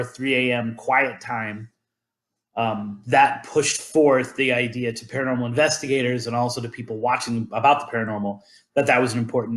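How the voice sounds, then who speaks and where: A man's voice: medium pitch, a bit bright. A man hosting a podcast, chatting casually and rambling through legends with many ums and restarts. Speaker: podcast host. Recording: roomy echo.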